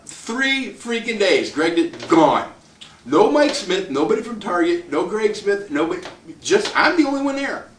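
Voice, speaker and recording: A man's voice: high voice, very animated, moderate pace. Chuckling man telling a rambling story. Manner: rambling, chuckling, acts out others' lines. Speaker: landowner telling his story. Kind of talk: casual spoken storytelling. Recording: roomy echo, distant mic, faint noise.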